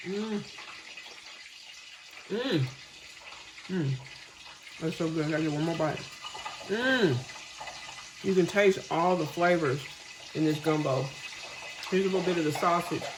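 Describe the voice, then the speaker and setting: A woman's voice: low-pitched, fairly even intonation, brisk, echoey room, background noise. A woman hosting a cooking video, casually showing and tasting her home-cooked food. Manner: homey, churchgoing, tastes food on camera with mouth full. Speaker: cooking channel host.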